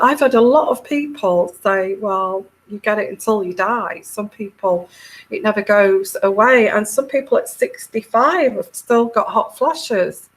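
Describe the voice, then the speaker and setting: Slow, rambling British woman livestreaming. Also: mid-range voice, rough recording. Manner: meandering, hesitant with many fillers. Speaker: tarot livestream host. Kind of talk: casual livestream chat reading comments.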